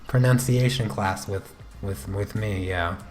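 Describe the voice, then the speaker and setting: An American man hosting an art livestream, chatting casually with viewers while drawing, halting and full of fillers as he answers comments. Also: on the low side, soft background music. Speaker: art channel host.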